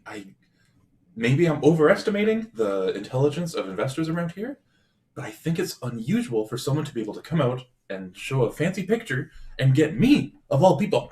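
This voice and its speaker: A man voicing his character in a tabletop game, animated and quick to argue. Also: fairly high pitch. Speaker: player. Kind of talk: in-character tabletop role-play.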